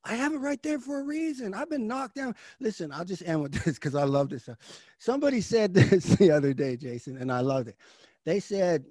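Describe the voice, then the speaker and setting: A middle-aged man speaks as an interview guest in a high, lively register. He preaches like a motivational coach, swinging from loud urging to near-whispered intensity. The sound is dry and close. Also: fairly quick, no room sound.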